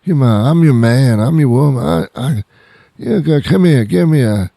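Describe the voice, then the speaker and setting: A man's voice: medium pitch, lively intonation, moderate pace, vocal fry, dark tone, no echo, studio quality, voice pushed up. A man voicing a sloppy, affectionate drunk man who keeps repeating himself and begging for hugs. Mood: clingy. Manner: slurring, repetitive, pleading for hugs.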